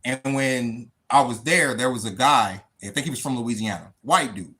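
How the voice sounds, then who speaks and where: A man's voice: mid-range voice, normal speed, pushed and bright. A man from the United States talking off the cuff on a livestream, emphatic, swearing constantly and repeating himself. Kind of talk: unscripted livestream monologue.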